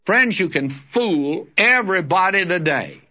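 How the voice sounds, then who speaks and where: A man's voice: high voice, lively intonation, measured pace, bright, forceful tone. An older man giving a folksy sermon as a radio Bible teacher, calling his listeners friends and reading scripture aloud. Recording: lo-fi old radio broadcast.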